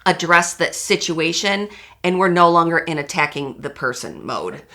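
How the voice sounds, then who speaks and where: A middle-aged woman talks with her co-host in a bright, slightly tense voice. She is reflective and chatty, often leaning on "you know" and "like" as she works through her thoughts. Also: lowish voice, lively intonation, moderate pace. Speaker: podcast co-host. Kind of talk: casual chat.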